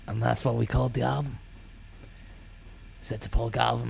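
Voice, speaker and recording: A man, telling rambling deadpan comic stories full of swearing and trailing mumbles. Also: mid-range voice, moderate pace, creaky, pauses often, a little hiss or hum. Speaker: comedian.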